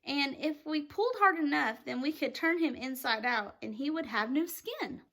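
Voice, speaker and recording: A woman's voice: high-pitched, animated, normal speed, bright, forceful tone, full character voice. A woman doing a gloomy storybook earthworm. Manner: mournful, dry, doom-laden. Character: gloomy pessimistic male earthworm.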